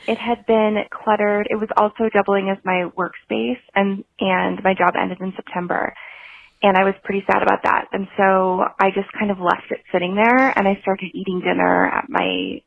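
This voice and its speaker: Woman caller, earnest and plain, slightly gravelly, tinny phone line. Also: mid-range voice, no room sound. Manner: earnest, plain, with some hesitations. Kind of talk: phoned-in voicemail story.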